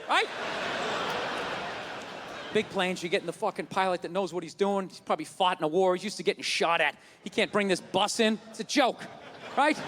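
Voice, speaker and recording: A stand-up comedian with an unusually high voice rants and swears, shouting his punchlines into a handheld mic. He is recorded live in a comedy club, with the crowd laughing clearly behind him and steady audience noise. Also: fairly quick, long reverb tail. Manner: loud, profane ranting with shouted punchlines.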